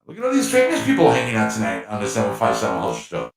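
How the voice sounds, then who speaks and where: A man's voice: on the low side, wildly swooping pitch, very fast. A man hosting a casual livestream, chatting in a rambling way and laughing at himself. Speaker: livestream host. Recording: echoey mic with faint music.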